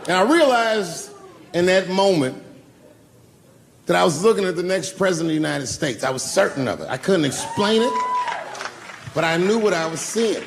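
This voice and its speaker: A man in his fifties telling stories in a stand-up comedy set, animated and acting out the people in them with big jumps in pitch, recorded live in a large theater. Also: normal speed, vocal fry, pauses often, crowd noise, noisy background. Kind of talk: stand-up storytelling.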